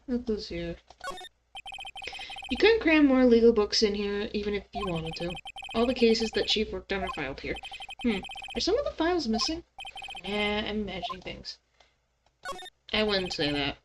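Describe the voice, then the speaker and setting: A woman's voice: mid-range voice, very animated, moderate pace, pauses often, noisy background. A woman streamer playing a game and reading its dialogue aloud, with casual mumbled asides. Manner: casual, mumbled asides between read lines. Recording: music playing behind.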